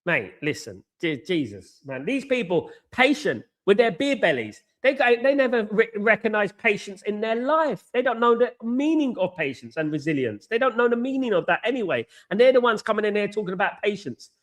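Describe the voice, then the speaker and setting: A man with a somewhat high voice hosts a live football watchalong and rants at his viewers. He sounds worn out and frustrated, circling back to the same points with plenty of ums and restarts. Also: very animated, fairly quick, few pauses. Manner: frustrated, repetitive ranting with many fillers. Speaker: host of a football fan channel.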